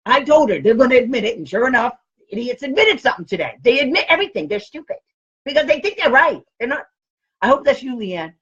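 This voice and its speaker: A woman's voice: on the high side, fairly bright tone, husky, highs cut off. A woman special education advocate talking casually to camera, blunt and outspoken, often laughing as she speaks.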